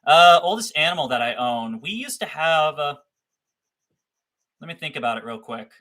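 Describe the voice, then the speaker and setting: Talking about his reptiles on a casual livestream, a young man rambles, swears freely, and laughs at himself. His voice runs a little high and bright, with a forceful tone, lively intonation, and a moderate pace.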